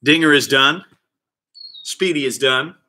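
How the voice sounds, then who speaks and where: A man's voice: medium pitch, a little slow, sharp tone, slight background noise. A man leading a live online exercise class for kids as their PE coach, counting out reps and cheering the children on by name. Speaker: PE coach hosting a kids' class.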